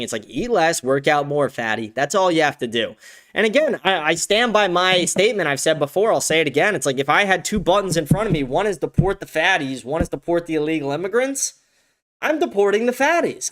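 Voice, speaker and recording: Young male streamer, slightly high voice, blunt and profane, ranting with sudden excited outbursts. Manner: animated, bursts of excited shouting. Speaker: livestream show host. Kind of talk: casual livestream commentary. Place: home, with a dog nearby.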